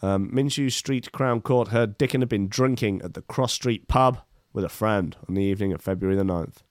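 A man's voice: lowish voice, normal speed, no room sound, clean studio sound. A man reading news articles aloud and commenting on them casually, with sardonic, rambling asides.

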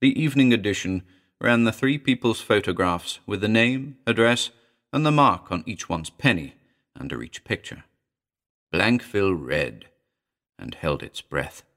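A low-voiced man reads a classic horror tale aloud, expressive and suspenseful. His delivery rises and falls dramatically across each sentence. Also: a little slow. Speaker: narrator. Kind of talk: dramatic audiobook reading.

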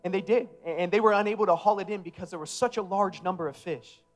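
A male pastor preaching a sermon in a casual, emphatic way that builds to loud passion. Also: high voice, quick pace, faint music behind.

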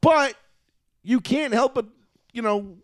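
A man's voice: very high-pitched, slow pace, dry recording, studio quality. A man hosting a casual sports talk show, ranting with lots of swearing. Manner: profane, ranting, riffs into mock voices.

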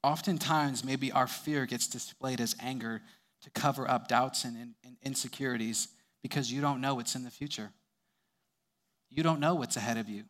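A man's voice: mid-range voice, moderate pace, fairly bright tone. A young adult man preaching a sermon, telling stories and chuckling between sentences.

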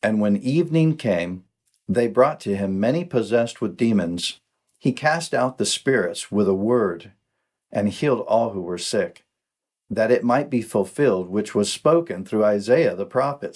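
A man hosting a podcast, giving a slow, measured scripture reading. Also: on the low side, animated, darkish tone. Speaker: podcast host.

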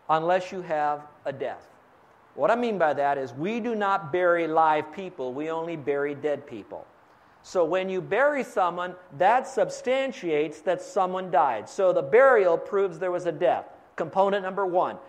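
Guy preaching a sermon, pretty high voice, quizzes the crowd. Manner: teaching with questions to the congregation. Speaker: pastor.

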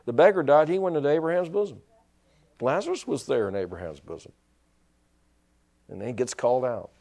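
A male pastor preaching a sermon, telling stories and rising into shouted praise. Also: medium pitch, sing-song, fairly quick, vocal fry.

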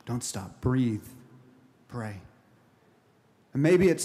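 A male pastor preaching a sermon and gently coaching his listeners through a slow breathing prayer in hushed tones. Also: mid-range voice, sing-song. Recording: long hall reverb.

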